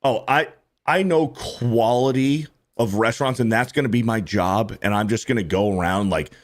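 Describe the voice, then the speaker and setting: A man hosting a casual podcast, ranting and swearing heavily and mimicking people in a higher voice. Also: moderate pace. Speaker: podcast host.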